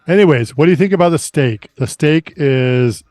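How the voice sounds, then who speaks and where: A man's voice: fairly high pitch, animated, normal speed, darkish tone, dry recording, soft background music. Joking American man, dry close voice. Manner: joking, laughs between lines. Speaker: podcast co-host. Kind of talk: casual banter.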